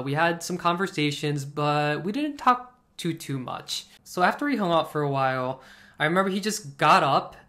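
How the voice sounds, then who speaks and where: A young man telling a personal story to camera in a casual, expressive vlog style, full of "like" fillers. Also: fairly high pitch. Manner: chatty and expressive, many "like" fillers, laughs while telling. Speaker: vlogger.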